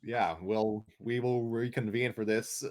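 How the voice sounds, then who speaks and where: A man's voice: fairly low pitch, flat delivery, unhurried, a little mellow. A man hosting a casual chat about a story reading, rambling and laughing often. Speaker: host of a story reading show.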